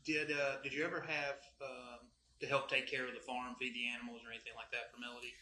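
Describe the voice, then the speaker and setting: A man's voice: mid-range voice, flat delivery, fast, pushed and bright. A man questioning a witness in court, asking methodical, clarifying questions. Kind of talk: courtroom examination. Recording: echoey courtroom mic.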